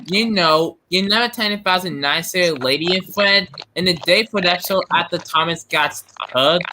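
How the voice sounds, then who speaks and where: A man's voice: sits high, normal speed, pushed and bright, a little hiss or hum, rough recording. A man chatting eagerly as a guest on a friends' live stream. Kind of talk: casual chat.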